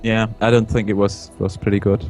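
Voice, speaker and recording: A young man from Germany with a German accent, a guest in a casual interview, talking haltingly and laughing often. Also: lowish voice, little pitch movement, darkish tone, faint music behind. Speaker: interview guest, esports caster.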